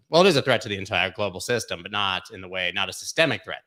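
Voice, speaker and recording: A man with a fairly low but bright, forceful voice hosts a crypto market show. He gives live chart commentary in a brash, joking, excitable way. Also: normal speed, few pauses.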